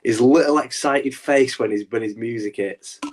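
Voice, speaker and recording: A man's voice: mid-range voice, normal speed. A man co-hosting a wrestling podcast, talking animatedly in a rambling, casual way with lots of restarts. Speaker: podcast co-host.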